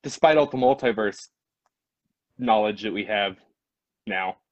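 A man's voice: on the low side, measured pace, no room sound. Goofy, rambling man on a lo-fi mic. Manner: goofy, rambling, playful storyteller. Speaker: podcast co-host. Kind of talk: casual live-stream chat.

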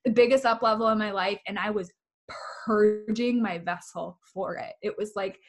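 A woman's voice: medium pitch, moderate pace. A woman talking candidly and emphatically in a casual spiritual chat, repeating phrases for effect.

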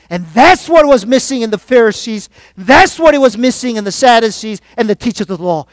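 A man preaching a sermon to his congregation, calling out for responses and swinging between quiet reflection and loud exhortation. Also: high-pitched, no echo. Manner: call-and-response preaching, rising and falling in force. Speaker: pastor.

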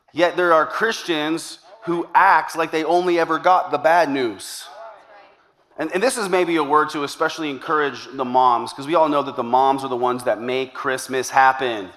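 A man's voice: on the high side, a bit bright. A man preaching a sermon to a church congregation, conversational and upbeat, with jokes along the way. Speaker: pastor. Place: church service before a congregation.

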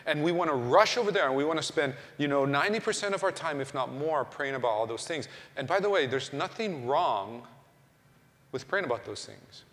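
A man's voice: a little high, animated, fairly quick, a bit bright. A man giving a conversational sermon, full of rhetorical questions and restarts. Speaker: pastor. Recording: long reverb of a hall.

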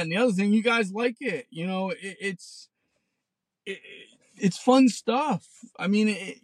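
Sitting in a parked car, a forties-aged man hosts a podcast as a casual ranting monologue, blunt, sarcastic and heavy on swearing. His voice sits high, and the recording is dry.

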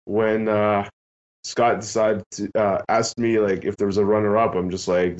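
A man's voice: on the low side, level tone, normal speed, a little mellow. A man co-hosting a casual podcast chat, enthusiastic and profane. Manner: enthusiastic, swears, laughs often. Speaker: podcast co-host. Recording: slightly dull audio.

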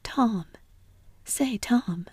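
A woman's voice: mid-range voice, measured pace, dark tone, breathy edge, no room sound. Woman whispering as an anxious little brother. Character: younger brother, anxious, tattling. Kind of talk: whispered role-play.

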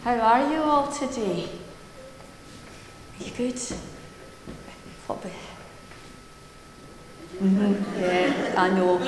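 A woman minister leading a prayer and giving a playful, animated children's talk in a church service. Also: mid-range voice. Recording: echoey church hall with long reverb.

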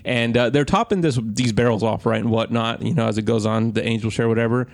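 Gravelly man telling a story. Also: mid-range voice, fast talker. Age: 30s. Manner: animated storyteller, swears freely. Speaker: podcast co-host. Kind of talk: casual chat.

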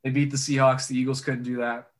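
A man's voice: mid-range voice, little pitch movement, fast talker. A young man co-hosting a casual sports chat, joking and sarcastic, laughing often. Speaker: sports podcast co-host.

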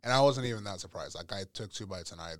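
A man's voice: fairly low pitch, lively intonation, quick pace, no echo, studio quality. A young man appearing as a guest on a casual podcast, laid-back and joking. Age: young adult. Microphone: podcast microphone.

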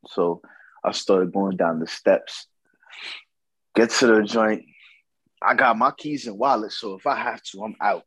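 A man's voice: on the low side, normal speed, a bit bright, husky, no echo, highs cut off. A man telling a casual story about a night out, slangy and profane, acting out what others said.

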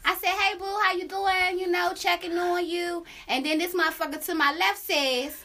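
High, bright-voiced woman podcast host. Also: moderate pace. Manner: animated, profane, sings out la la la asides. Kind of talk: casual storytelling chat.

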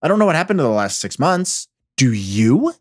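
A man's voice: fairly high pitch, sing-song, moderate pace, breathy edge, no echo, studio quality. Profane, riled-up man ranting solo. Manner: rambling with restarts. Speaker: podcast host. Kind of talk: casual solo rant.

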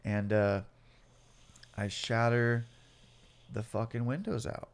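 Man, late 20s or older, interview guest, mid-pitched voice, swears freely, animated storyteller. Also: slow pace, creaky. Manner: profane, animated, acts out cops and himself. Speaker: guest telling his life story.

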